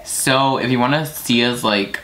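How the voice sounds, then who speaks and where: Speaking a little slowly in a mid-range voice, a young man hosts his own vlog, chatting casually and swearing at times without any filter. The footage is a noisy home video.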